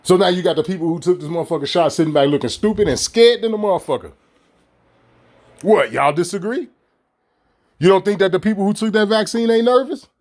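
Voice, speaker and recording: Heated, profane man ranting, higher-pitched voice. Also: a little fast, a little mellow. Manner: heated, profane and mocking, with repeated rhetorical questions. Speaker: vlogger ranting to his audience. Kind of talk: profane monologue straight to camera.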